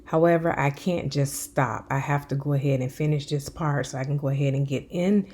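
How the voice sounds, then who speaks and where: A woman's voice: sits low, steady tone, fairly quick, darkish tone, slight background noise, poor audio. A woman in her fifties, a vlogger talking at home while she cleans, earnest and blunt in a plainspoken way. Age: 50s. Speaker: lifestyle vlogger. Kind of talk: casual talk while cleaning.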